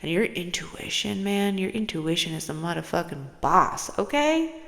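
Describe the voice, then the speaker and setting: A woman's voice: lowish voice, sing-song, moderate pace, vocal fry, a bit bright. A woman talking casually to her viewers as a spiritual channeler, rambling, swearing freely and playful. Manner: rambling, profane, playful, drifts into whispers. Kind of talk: casual personal vlog. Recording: long hall-like reverb.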